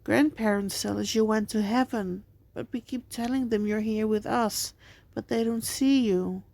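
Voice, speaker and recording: A woman's voice: fairly high pitch, measured pace, gravelly, darkish tone, dry recording. A woman voicing small earnest children.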